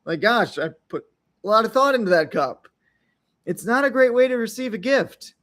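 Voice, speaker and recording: A man's voice: high-pitched, lively intonation, moderate pace, a bit bright. A man hosting an unscripted podcast, talking in a loose, rambling way, often checking in with "right?" and briefly acting out little quotes. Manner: rambling, frequent tag questions, acts out little quotes. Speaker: podcast host.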